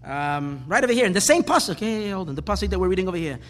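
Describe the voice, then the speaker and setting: A man's voice: high-pitched, lively intonation, rapid-fire. A man teaching a Torah class, asking questions and rising into emphatic bursts. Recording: hall reverb with faint ambience.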